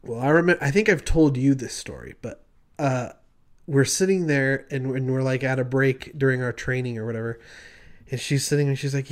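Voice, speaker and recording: A young man co-hosting a podcast, telling stories in a loose, animated way, laughing often and acting out voices. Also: medium pitch, brisk. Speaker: podcast co-host. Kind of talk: casual chat.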